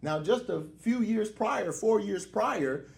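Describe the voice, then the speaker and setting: A man's voice: high voice, lively intonation, takes it slowly, creaky. A man, a minister, preaching a lecture-style sermon with joking asides and call-and-response. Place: hall with a live congregation. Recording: echoey hall.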